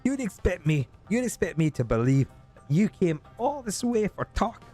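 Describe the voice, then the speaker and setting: A cold, contemptuous winged woman from a fantasy game, voiced by a man in a high, lifted register. She spits short, clipped scorn at her own sister. Her lines swoop from high notes down to low dismissals. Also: sing-song, moderate pace, warm tone, faint music behind. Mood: scornful.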